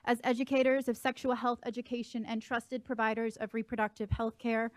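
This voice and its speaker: A woman reads a prepared statement in a measured, even delivery. Her voice is a little higher than most. The sound is dry and close. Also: no echo. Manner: smooth, measured reading. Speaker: advocacy representative. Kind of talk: read public statement.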